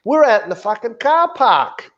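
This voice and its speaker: A man's voice: very high-pitched, sing-song, normal speed, fairly bright tone, highs cut off. A man telling a story in casual podcast chat, blunt and indignant, swearing freely. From Australia. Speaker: podcast co-host.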